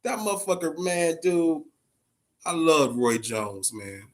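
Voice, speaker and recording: This boxing-channel host speaks with a fairly high pitch and takes his time. On his live stream he's casual, animated and profane, finishing nearly every phrase with "man."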